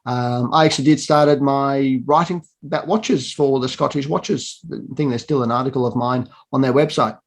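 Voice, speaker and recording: A man's voice: mid-range voice, steady tone, moderate pace, few pauses. Brief: male awards host, playful and self-mocking, dry wit, remote video setup. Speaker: awards presenter. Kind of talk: tongue-in-cheek awards hosting.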